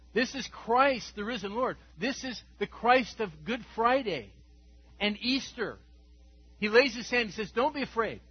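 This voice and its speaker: A man preaching an Easter sermon as pastor, moving from hushed scripture reading to loud exclamations. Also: extremely high pitch, lively intonation, slow pace, long pauses, slightly rough. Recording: dull lo-fi recording with faint hum.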